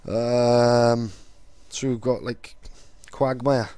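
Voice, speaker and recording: A man's voice: medium pitch, flat delivery, extremely slow, warm tone, smooth, no room sound, clean studio sound. Laid-back man rambling casually. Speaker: vlogger. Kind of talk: casual vlog talk.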